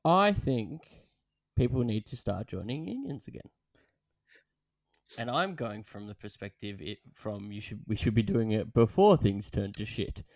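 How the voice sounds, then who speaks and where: A man co-hosting a podcast, reacting in casual chat, quick to swear and laugh. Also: on the low side, lively intonation, darkish tone, no room sound. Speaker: podcast co-host.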